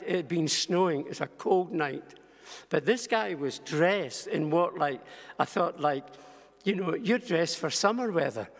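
An older preacher tells personal stories from the pulpit in a rather high voice. His words ring out with a long reverb through a large hall. He stumbles and restarts, then acts out the people in his tales. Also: husky. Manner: storytelling with restarts and acted quotes. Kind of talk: sermon storytelling.

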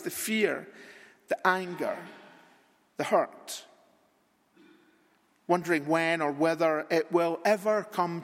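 A man preaching a sermon in a church, deliberate and repetitive, with long rhetorical pauses. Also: on the high side, fairly bright tone. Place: church sanctuary. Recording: long reverb in a large hall.

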